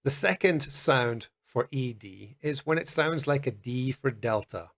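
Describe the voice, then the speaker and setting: A man teaching English pronunciation, speaking slowly and carefully and demonstrating each sound. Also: medium pitch, lively intonation, gravelly, a bit bright. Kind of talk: pronunciation lesson. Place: Colombia.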